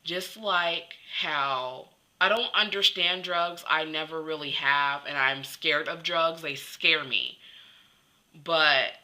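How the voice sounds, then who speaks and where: A woman's voice: low-pitched, slow pace, sharp tone, poor audio. A young woman talking candidly to the camera in a personal vlog, rambling with lots of "like" and restarts. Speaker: vlogger.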